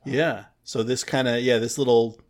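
A man's voice: mid-range voice, fairly even intonation, moderate pace. Man musing casually about a film. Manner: musing, hesitant restarts. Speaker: podcast co-host.

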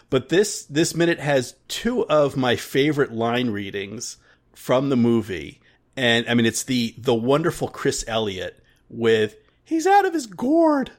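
Mid-pitched man rambling on a podcast. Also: a little slow. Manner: rambling, many restarts and fillers, laughs often. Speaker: podcast co-host. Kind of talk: casual podcast chat.

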